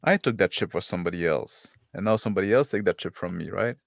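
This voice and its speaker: Low-voiced man joking through a tabletop game. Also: animated, fast talker, vocal fry, no echo, clean studio sound. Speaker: player. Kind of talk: casual tabletop play.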